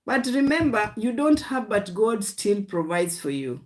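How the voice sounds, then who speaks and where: Slow, emphatic woman preaching on a livestream. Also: mid-range voice, big pitch swings. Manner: emphatic, repetitive exhortation, often calling listeners "guys"; speaks in short declarations of faith. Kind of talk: livestream sermon.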